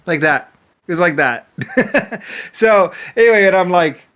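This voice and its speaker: A man's voice: sits high, expressive, a little slow, a bit bright. A man telling a rambling story in a casual, profane way, full of fillers and laughter. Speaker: channel host.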